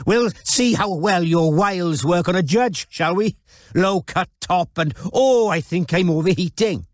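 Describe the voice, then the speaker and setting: Guy doing a welsh creep yelling high and nasty, dry close audiobook sound. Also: measured pace, dry recording. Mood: mocking. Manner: sneering, shouting, mocking. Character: Welsh middle-aged man, bitter, spiteful, hysterical. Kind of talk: audiobook character voice.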